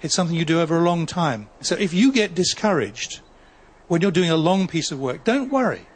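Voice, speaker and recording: A novelist talking about the craft of writing in a measured, wry way. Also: male voice, on the high side, lively intonation, breathy edge. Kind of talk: reflective talk on writing.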